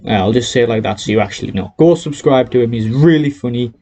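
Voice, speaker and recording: Talking fast in a mellow, mid-range voice, a teen YouTuber with a North East English accent chats cheerfully in a relaxed vlog and laughs between sentences. He's recorded on a headset mic with a bit of background noise.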